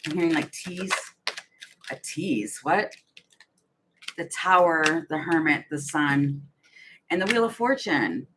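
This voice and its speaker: A woman reads tarot cards aloud in a loose, wandering monologue, often restarting her sentences and breaking into giggles. Her voice sits on the low side. A faint noise hums behind her. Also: expressive, slow pace, pauses often. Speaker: tarot reader. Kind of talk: casual tarot reading monologue.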